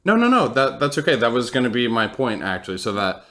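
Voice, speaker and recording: A man's voice: medium pitch, big pitch swings, quick pace, a bit bright. A man co-hosting a casual podcast, recapping a TV episode in a rambling way with lots of fillers and laughs. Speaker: podcast co-host.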